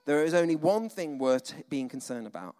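A man voicing a gentle, grandfatherly male teacher in a soft, hushed, kindly manner. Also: on the high side, lively intonation, normal speed, clear, resonant tone, close to an everyday voice. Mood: tender. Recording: long hall reverb.

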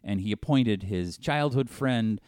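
A man's voice: lowish voice, animated, unhurried, darkish tone, clear, resonant tone, dry recording, clean studio sound. A man in casual chat, rambling and swearing as he riffs on crime stories, slipping into comic impressions.

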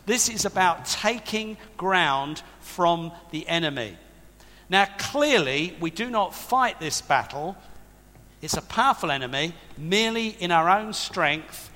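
A man's voice: fairly high pitch, sharp tone. A man preaching a sermon to a congregation, emphatic and conversational, with asides to the people in front of him. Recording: long reverb of a large hall.

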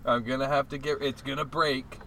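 A man's voice: medium pitch, flat delivery, a little fast, fairly bright tone, a little hiss or hum. A young man telling a story in casual chat, rambling with lots of "like", laughing and swearing as he goes.

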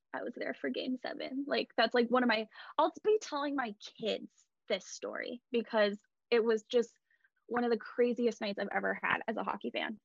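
A woman retelling a night as a hockey fan, animated and emphatic, recorded dull and dry. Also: a little high, creaky, dry recording. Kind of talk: excited fan storytelling.

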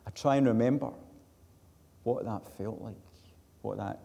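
A Scottish preacher delivers a sermon in a low, dark, gravelly voice. He swells to emphatic loud peaks and drops back quiet. The sound carries a long reverb from a hall. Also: a little slow. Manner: earnest storytelling, rising to loud emphatic peaks, then dropping quiet.

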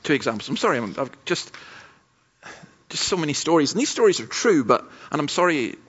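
A man's voice: on the high side, sing-song, a little fast, fairly bright tone, husky. A man preaching a sermon at a church camp, telling stories in a conversational way with frequent asides. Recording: dull lo-fi sermon recording.

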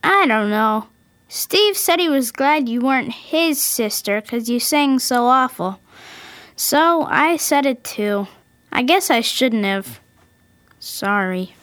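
A grumbling, dismissive young boy, voiced by a woman, in a family audio drama. His voice is high, and he drawls every curt word slowly. The recording is dry and close. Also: animated, a bit bright, no echo. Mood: sheepish. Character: grumpy boy, dismissive big brother.

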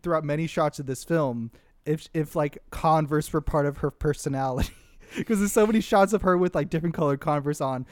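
A man's voice: on the high side, brisk, no echo, clean studio sound. A man sarcastically picking apart a movie in casual chat, often laughing as he talks. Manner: sarcastic, laughs into his points. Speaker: podcast co-host.

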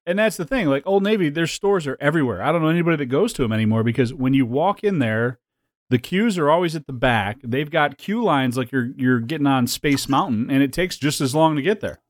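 A man hosting a podcast in a casual chat, rambling with lots of fillers and quick laughs. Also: fairly high pitch, animated, dry recording, studio quality. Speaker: podcast host.

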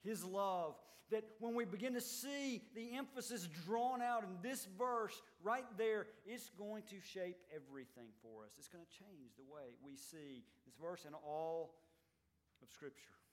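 A man preaching a sermon as pastor, swinging between loud emphatic lines and quiet, low ones. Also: expressive, unhurried. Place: church sanctuary.

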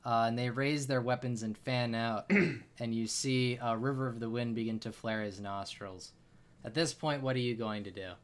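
A man's voice: mid-range voice, fairly even intonation, moderate pace. Man narrating as game master. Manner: many filler uhs, restarts.

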